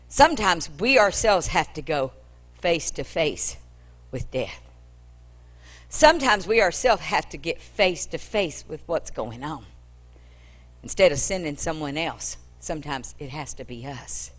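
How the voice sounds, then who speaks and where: A woman evangelist preaching a dramatic storytelling sermon in an animated, conversational way. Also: sits low, unhurried, long pauses. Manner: animated, conversational, acts out scenes.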